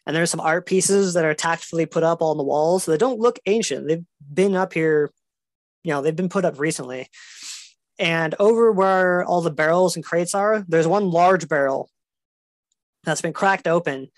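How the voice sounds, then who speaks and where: Woman game master, low and dry. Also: moderate pace, no echo. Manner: relaxed, hesitant with fillers. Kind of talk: narrating a tabletop game.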